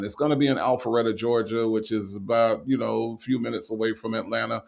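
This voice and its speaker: A man hosting a livestream, chatting casually as he signs off, checking in with "okay?" and repeating slow affirmations. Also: lowish voice, fairly even intonation, creaky. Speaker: livestream host.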